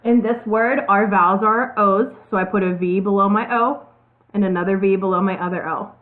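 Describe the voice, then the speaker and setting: A woman teacher walking through a reading lesson slowly, step by step, spelling out letters. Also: mid-range voice, steady tone. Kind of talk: classroom video lesson. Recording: tinny phone-like audio.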